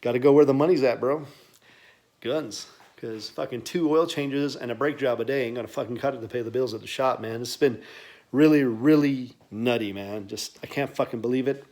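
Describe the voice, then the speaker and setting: An adult with children who owns an auto repair shop gives an unscripted tour of his workshop. His mid-range, darkish voice moves at a moderate pace as he rants in profane, rambling, casual bro talk.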